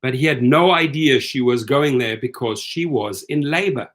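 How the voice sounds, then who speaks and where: A man's voice: mid-range voice, normal speed. A middle-aged man hosting rideshare commentary in a casual, incredulous rant, acting out the people he quotes. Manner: animated, incredulous, acts out quoted lines.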